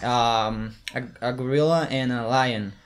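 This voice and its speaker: A man in casual podcast chat, excitable and quick to swear. His voice sits at an ordinary middle pitch. He often trails off and picks the thought up again. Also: clean tone. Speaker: podcast guest.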